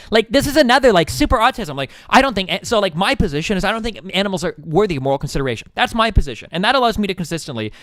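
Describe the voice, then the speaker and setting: A man's voice: high-pitched, big pitch swings, rapid-fire, hardly any pauses, a bit bright, no room sound. A man streaming, talking casually and heatedly to his chat, profane and combative.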